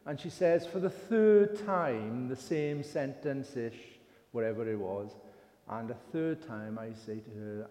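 An older Englishman with a mellow, medium-pitched voice speaks at a measured pace. He's a lay preacher delivering an informal sermon, telling a story in a chatty, self-deprecating way, and the hall around him is reverberant.

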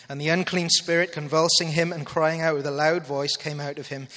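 Male preacher, earnest and bright, slightly high voice, hall reverb. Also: fairly even intonation, moderate pace, few pauses. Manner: earnest, asks audience to follow along. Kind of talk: sermon.

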